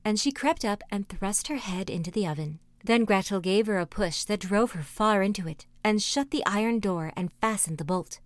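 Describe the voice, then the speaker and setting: A woman narrating a fairy tale in a measured, expressive storybook reading. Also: medium pitch, no echo.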